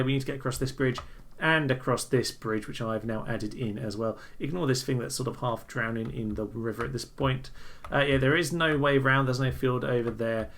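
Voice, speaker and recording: A man hosts his own gaming channel, talking casually over strategy gameplay. His voice is bright and forward at a middling pitch. He keeps things chatty and amused, dropping quick asides as he goes.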